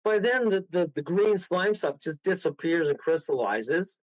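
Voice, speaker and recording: A man from Toronto, a guest medium, telling a rambling, excitable story with bursts of laughter. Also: on the high side, a little slow, no room sound. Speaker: guest medium and paranormal investigator. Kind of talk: casual storytelling on a radio call. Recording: dull lo-fi radio audio.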